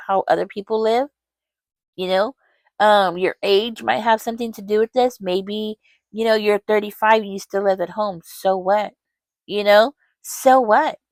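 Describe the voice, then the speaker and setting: A woman doing a casual tarot reading, speaking right to the listener at an ordinary pitch. She rambles, repeats herself and keeps slipping in fillers. Her voice is dry and close, with no room sound. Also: no echo. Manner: rambling, talks straight to the viewer, many "you know" fillers and restarts. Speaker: tarot reader.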